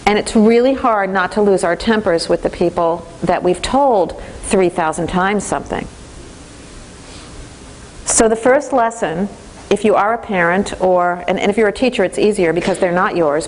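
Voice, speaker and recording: Woman, instructor, classroom training lecture, conversational, lively, faint room noise. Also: mid-range voice, normal speed, rough recording.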